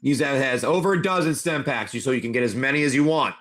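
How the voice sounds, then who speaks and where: This man hosts a live stream where he narrates a tabletop wasteland adventure as game master. His mid-range voice is expressive, brisk and a bit bright, and he rambles loosely while calling players by name.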